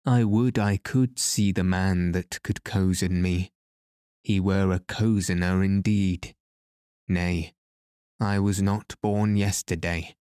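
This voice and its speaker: A man's voice: low voice, fairly even intonation, takes it slowly, mellow, clear, resonant tone, dry recording, clean studio sound. A man reading aloud as a greedy, foolish older townsman who blusters and boasts. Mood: blustering.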